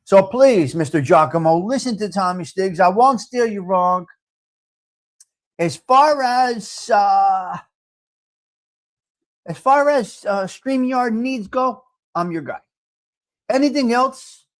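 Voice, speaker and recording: Loud chatty guy hosting a live stream, kinda high voice, calls out viewers by name. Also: expressive, takes it slowly, long pauses. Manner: brash, talkative, mixes in Italian phrases. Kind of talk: casual live stream chat, reading viewer comments.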